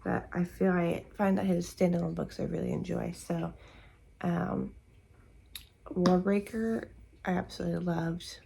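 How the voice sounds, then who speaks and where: Female book vlogger, sleepy morning chat, low-ish, heavy vocal fry, meandering delivery with lots of fillers. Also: fairly even intonation, unhurried, mellow, poor audio. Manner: rambling, searching for words with many fillers. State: sleepy and tired, yawning. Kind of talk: casual morning chat to camera. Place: at home in the morning.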